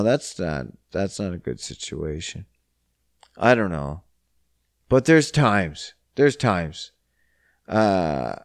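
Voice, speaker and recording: Man, podcast host, rambling, swears a lot, slow talker, smooth voice, dry close sound. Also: fairly low pitch, no room sound. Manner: profane, rambling, heavy swearing. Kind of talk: casual solo podcast rant.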